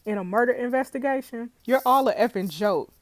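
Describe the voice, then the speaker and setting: A woman's voice: a little high, fairly quick, no room sound, voice pushed up, close to an everyday voice. A woman reading the lines of a defiant young female suspect refusing to cooperate in an interrogation. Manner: defiant, curt.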